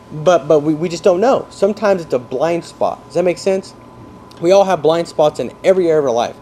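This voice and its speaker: A man coaching salespeople in an energetic talk, explaining through football comparisons and often checking that his listeners follow. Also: fairly high pitch, fairly quick, a little hiss or hum. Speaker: sales trainer.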